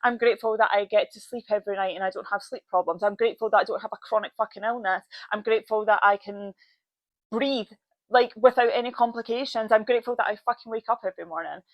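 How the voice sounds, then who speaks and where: A woman's voice: mid-range voice, fairly even intonation, fast talker, no echo, low-quality recording. A woman in her thirties hosting her own podcast, talking bluntly and swearing freely as she lists things to be grateful for and urges listeners to change their lives. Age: 30s. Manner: blunt, swears freely, repeats phrases for emphasis. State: tearful, voice breaking with emotion. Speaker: podcast host. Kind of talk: motivational solo podcast.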